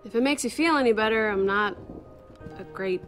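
A woman's voice: a little high, moderate pace, faint music behind, lightly acted. An actress voicing a wary woman survivor in a video game, blunt and dry. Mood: guarded. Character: wary young woman survivor guarding a stranger.

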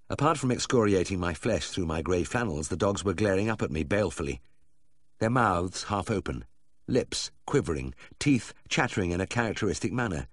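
Deep-voiced man reading a story. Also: no room sound, clean studio sound. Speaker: audiobook narrator. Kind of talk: scripted narration.

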